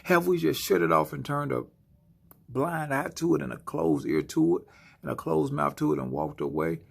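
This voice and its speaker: A man giving a spoken-word motivational sermon, slow and dramatic, often dropping into hushed whispers. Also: a little high, lively intonation, gravelly, slightly rough. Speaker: motivational speaker.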